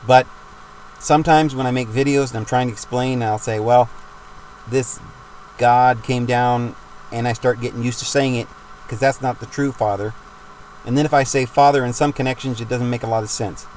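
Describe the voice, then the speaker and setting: A man's voice: mid-range voice, fairly even intonation, fairly quick, darkish tone, a little hiss or hum, low-quality recording. A man giving a rambling, emphatic religious monologue for his videos, with frequent restarts. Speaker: video maker.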